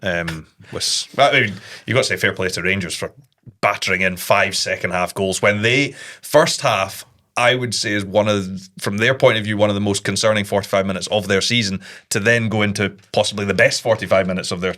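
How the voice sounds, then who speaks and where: A man, a football commentator guesting on a podcast, giving measured match analysis. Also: on the low side, steady tone, sharp tone.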